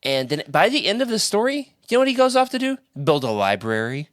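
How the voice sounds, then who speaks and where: A man's voice: sits high, brisk, no room sound, clean studio sound. A man hosting a casual podcast roundtable, playful and leading the discussion. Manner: animated, playful, leads the discussion. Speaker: podcast host.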